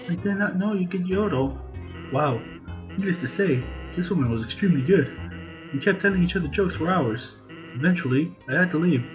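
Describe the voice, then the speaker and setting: A laid-back male skeleton from a video game tells jokes and stories in a slow, drawling way, as a man puts him on. His voice is fairly high, and game music plays behind him. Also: muffled recording, close to an everyday voice.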